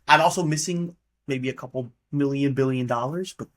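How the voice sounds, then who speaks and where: A man talks alone into the mic in an easygoing, loose monologue. He rambles from thought to thought, sounds offhand, and swears casually. His voice sits at an ordinary middle pitch for a man. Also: moderate pace, a bit bright. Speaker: podcast host.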